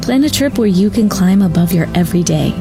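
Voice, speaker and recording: A woman reading a travel ad in a slow, airy, inviting style. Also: mid-range voice, lively intonation, music in the background.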